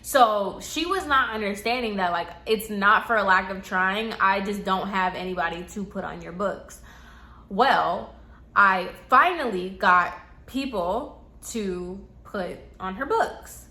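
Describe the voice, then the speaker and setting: A woman telling a casual story to camera, chatty and animated, peppering her speech with "like" and acting out quotes. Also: mid-range voice, slow. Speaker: storytime vlogger. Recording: echoey room.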